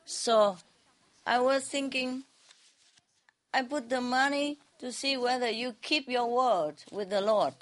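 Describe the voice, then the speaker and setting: A woman's voice: a little high, slow, pitched above the performer's own voice. A woman voicing a frantic neighbor man who begs over and over to get his money back. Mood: begging. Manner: desperate, begging, repeating himself.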